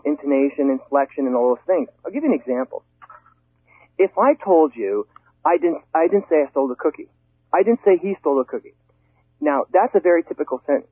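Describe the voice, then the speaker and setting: A man giving emphatic, animated advice about website copy in a casual conversation, often repeating words to stress a point. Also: fairly high pitch, breathy edge, dry recording. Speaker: guest expert on web copywriting. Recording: tinny phone line, dry.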